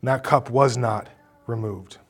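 A male preacher giving a sermon, telling a story dramatically and swinging from a hush to forceful emphasis. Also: medium pitch, steady tone, measured pace, breathy edge.

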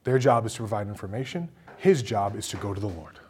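A man's voice: fairly low pitch, animated, quick pace, slight background noise. Emphatic male pastor preaching. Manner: swings from quiet to loud, emphatic bursts. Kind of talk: sermon.

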